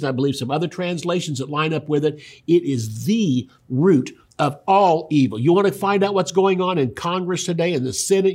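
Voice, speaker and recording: A man preaching a radio sermon, emphatic, his voice sometimes dropping low. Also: breathy edge. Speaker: pastor.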